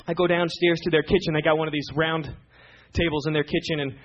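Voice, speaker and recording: A man preaching a sermon, telling a personal story in an animated, emphatic way. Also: on the high side, fast talker. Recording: dull lo-fi recording.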